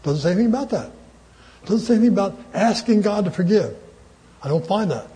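A man's voice: high-pitched, lively intonation, fast, dark tone. A man preaching a sermon emphatically, repeating key words and chuckling between his points.

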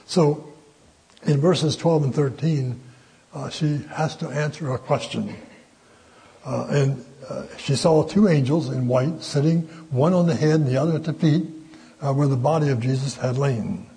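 Older man teaching a mellow Bible lesson. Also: mid-range voice, gravelly, slightly rough, poor audio. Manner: halting, frequent fillers, folksy and conversational. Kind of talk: informal Bible study teaching.

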